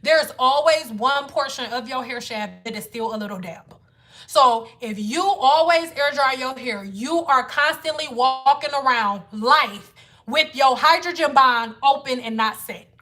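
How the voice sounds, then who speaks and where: On a laid-back livestream, a woman who teaches hair care speaks in a high, bright, forceful voice, a little on the slow side. She's blunt, fed up, and swears heavily while lecturing and ranting.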